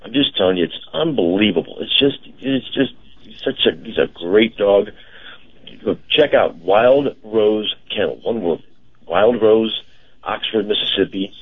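A man co-hosting a casual radio show. He talks in a halting, chatty way with many fillers. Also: lowish voice, animated, slightly rough. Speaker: radio co-host and car dealer. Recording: dull lo-fi radio broadcast.

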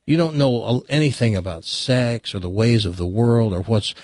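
A man voicing a blunt, stubborn, protective father in a spoken joke, earnest and halting, repeating his words. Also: medium pitch, a little mellow, dry recording, natural voice. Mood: stern.

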